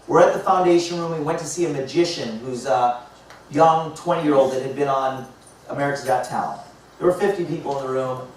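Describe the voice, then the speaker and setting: A man's voice: mid-range voice, brisk, a little hiss or hum. Man telling a story in an echoey hall. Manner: lively, acts out dialogue in the story. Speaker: motivational speaker. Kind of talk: storytelling talk to a live audience. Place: large indoor hall. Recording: echoey hall picked up from far off.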